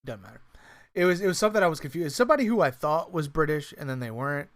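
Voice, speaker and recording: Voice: medium pitch, lively intonation, very fast. A podcast co-host chatting casually about a horror movie, rambling with lots of fillers and restarts, swearing freely and laughing often.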